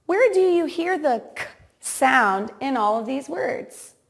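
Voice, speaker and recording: Woman teacher, kinda high voice, super slow and careful, sounding out words for little kids. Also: expressive, gravelly. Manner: slow, exaggerated word-by-word enunciation with repeat-after-me prompts. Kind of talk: slow, deliberate reading lesson for young children.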